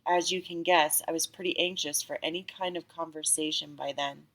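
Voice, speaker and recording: A woman reading a story aloud as an audiobook narrator, in a calm, steady storytelling manner. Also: deep voice, normal speed, gravelly.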